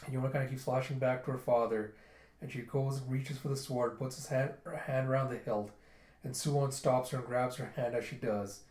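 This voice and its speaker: A man talks through a story in an easy, offhand recap, pitched right in the middle for a man's voice. He keeps it loose and conversational with the odd "kind of" and "um", and the sound bounces around a roomy space. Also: fairly even intonation, brisk, a little mellow. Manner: loose, chatty retelling with fillers. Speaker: manga reader and reviewer. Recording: roomy echo.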